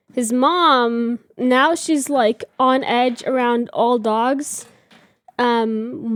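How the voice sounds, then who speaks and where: A woman in her thirties with a high voice chats casually with her viewers. She is giggly and talkative. The sound is dry and close, with no room echo. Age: 30s. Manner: chatty, giggly, reads chat aloud. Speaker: livestream host. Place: home room with reading chair.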